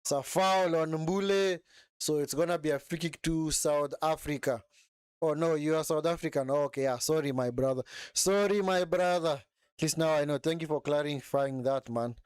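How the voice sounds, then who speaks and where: Guy streaming a football match, kinda high voice, super clear, chats with the viewers and keeps saying man. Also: normal speed, a little mellow, no room sound, clean studio sound. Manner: chatty, often ends phrases with "man", answers viewers in chat. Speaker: live stream host. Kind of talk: casual football watch-along commentary and chat.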